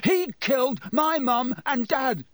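A man voicing a furious thirteen-year-old boy who shouts in a raised voice. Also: sits high, animated, moderate pace, dry recording, clean studio sound, pitched above the performer's own voice.

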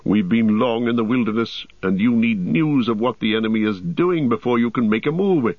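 A man's voice: medium pitch, normal speed, dry recording, lightly acted. A man voicing a proud, volatile tall warrior who speaks in an impassioned, declamatory way. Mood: urging. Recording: dull, dry audiobook recording.

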